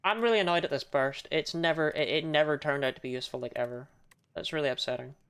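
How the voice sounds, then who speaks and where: A woman's voice: low voice, quick pace, clear, resonant tone. A young woman casually commenting on a video game she is playing, chatty, swearing freely and laughing often. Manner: reads game text aloud.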